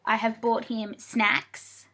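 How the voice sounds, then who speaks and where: Bright, chatty young woman vlogger. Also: a little high, level tone, slow pace. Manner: chatty, rambling, swears often, talks to her cat mid-story. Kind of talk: casual storytelling vlog.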